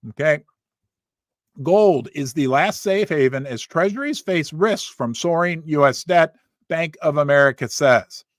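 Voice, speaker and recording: A man's voice: a little high, unhurried, no echo, clean studio sound. A middle-aged man hosting a finance commentary show, reading news aloud with emphatic, folksy asides and rhetorical questions. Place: home studio.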